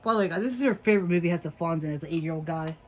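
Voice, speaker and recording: A woman vlogging casually at home, rambling excitedly and chatting to her pets. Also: lowish voice, racing, noisy background. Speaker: daily vlogger. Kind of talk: casual rambling vlog chat. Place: at home, yard and indoors.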